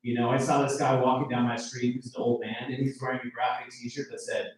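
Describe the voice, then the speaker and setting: A man's voice: medium pitch, little pitch movement, fast, distant mic. Self-deprecating comic man in echoey club. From Iowa. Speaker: stand-up comedian. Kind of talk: stand-up set. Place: comedy club stage.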